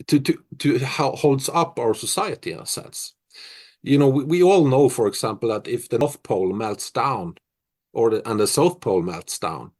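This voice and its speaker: A middle-aged man from Norway, a musician answering interview questions in a reflective, halting way full of restarts. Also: mid-range voice, husky.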